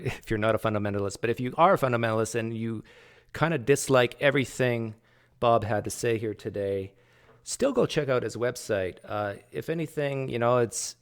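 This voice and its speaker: A man's voice: mid-range voice, clear, resonant tone. A man hosting a livestream, chatty and teasing, joking with his guest. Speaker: livestream host. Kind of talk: casual livestream chat.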